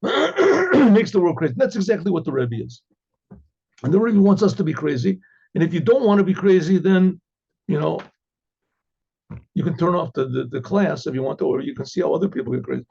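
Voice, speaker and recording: A man teaching an informal class as a rabbi, with a higher-pitched, gravelly voice and a warm, mellow tone. He tells his stories by acting out the dialogues and keeps clearing his throat. The recording sounds dull and lo-fi. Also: a little fast, long pauses.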